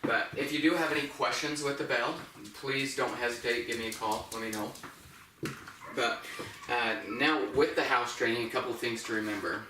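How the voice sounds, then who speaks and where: A man working as a dog trainer, calmly explaining each step while giving brisk commands to a dog. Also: medium pitch. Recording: echoey room, mic at a distance, noisy.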